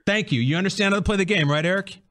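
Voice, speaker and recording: A man hosting a sports talk radio game segment, taking a caller and running a quick quiz bit. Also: sits high, fairly bright tone. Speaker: radio host.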